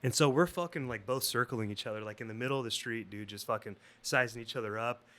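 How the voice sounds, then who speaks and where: A man's voice: mid-range voice, fast talker. A man guesting on a podcast, telling a story in casual, rambling, swear-heavy talk. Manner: profane, rambling, animated.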